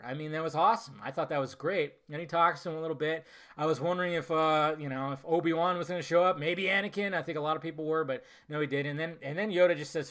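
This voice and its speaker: A man's voice: fairly high pitch, quick pace, fairly bright tone. A man giving a casual, enthusiastic spoken movie review, rambling with fillers and restarts. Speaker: film reviewer.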